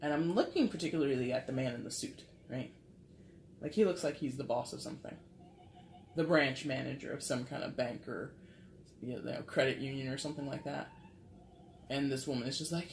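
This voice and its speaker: A woman's voice: extremely low pitch, brisk, pauses often, a little hiss or hum. Chatty lady doing a tarot reading into her camera, lots of likes and ums, roomy sound. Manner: chatty and rambling, with filler words and frequent laughs. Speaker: tarot reader. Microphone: camera mic. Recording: roomy echo.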